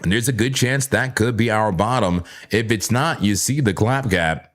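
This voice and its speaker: A man with a low, deep voice hosts a casual live trading stream. He chats playfully with his viewers, repeats words and corrects himself as he goes, and keeps up a loose, conversational flow over his charts. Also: normal speed, fairly bright tone. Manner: playful, chatty, talks straight to chat viewers. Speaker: livestream crypto trading host.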